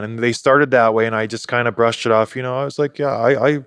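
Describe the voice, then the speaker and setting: A man's voice: medium pitch, clear, resonant tone, dry recording. Guy telling a story casually, stops and restarts a lot, dry close sound. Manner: relaxed, halting with restarts. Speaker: interviewee.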